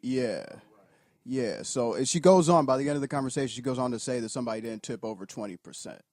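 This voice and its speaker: A man in a casual podcast chat, animated as he puts questions to the group. His voice has a middling pitch. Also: quick pace, no echo.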